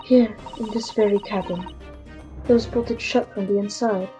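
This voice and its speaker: Man doing a shrill, loud young woman, earnest, game music behind. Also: fairly even intonation, normal speed, close to an everyday voice. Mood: urgent. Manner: high falsetto, shrill, emphatic.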